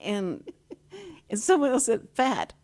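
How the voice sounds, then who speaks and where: Animated middle-aged woman telling stories. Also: high-pitched, slow pace. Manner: animated, acts out quotes with laughter. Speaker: sign language interpreter and guest. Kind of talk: casual storytelling chat.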